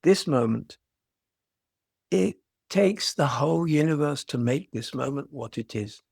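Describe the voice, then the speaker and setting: A man's voice: on the high side, animated, measured pace, vocal fry, darkish tone, breathy edge, no echo, studio quality. An older man giving a dharma talk as a meditation teacher, reflective and storytelling, often restarting his phrases.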